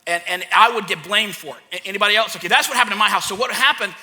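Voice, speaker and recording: A man who is a pastor and a parent, preaching a sermon and acting out a childhood story with lively energy. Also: sits high, very fast. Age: young adult to middle-aged, a parent. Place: church hall. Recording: long hall reverb.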